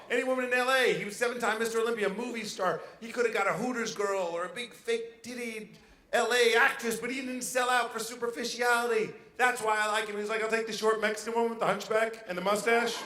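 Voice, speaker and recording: A man doing a brash, animated stand-up comedy set on a casino stage, hopping into quick character voices. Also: sits high. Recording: echoey venue with faint ambience.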